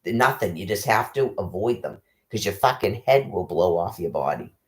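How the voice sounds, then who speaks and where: Angry profane man ranting, lively pitch. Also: moderate pace. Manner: profane, agitated, ranting, rhetorical questions. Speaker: ranting commentator.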